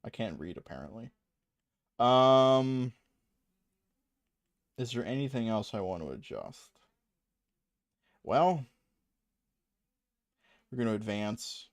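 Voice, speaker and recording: A man's voice: mid-range voice, very animated, takes it slowly, long pauses, dry recording. A young adult man streaming a video game, rambling and self-mocking with a lot of swearing and frequent laughs. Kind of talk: casual gaming stream commentary.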